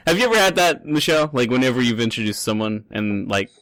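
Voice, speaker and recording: A man's voice: mid-range voice, fairly bright tone, dry recording, studio quality. A man co-hosting a casual podcast chat with friends, joking and teasing and laughing often. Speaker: podcast co-host.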